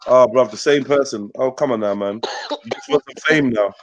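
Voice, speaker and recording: A man's voice: medium pitch, moderate pace. A man hosting a live call-in show, joking and repeating himself in casual slang. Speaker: host.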